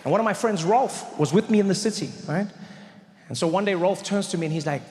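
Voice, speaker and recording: A man telling a story in stand-up, animated and acting out every character on a live comedy stage. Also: high voice, a little fast. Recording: echoey hall, live venue.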